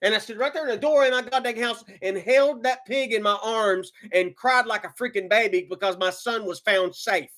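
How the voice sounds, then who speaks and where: A man telling a personal story in an emotional monologue, agitated, repeating words and swinging between loud outbursts and low muttering. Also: moderate pace, few pauses. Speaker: vlogger telling his own story.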